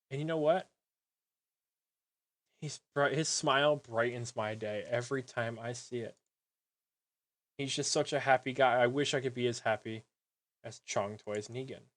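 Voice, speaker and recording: A man reviewing collectible figures in a sarcastic vlog, gushing with fake sentimentality and breaking off into halting, trailing sentences. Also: medium pitch.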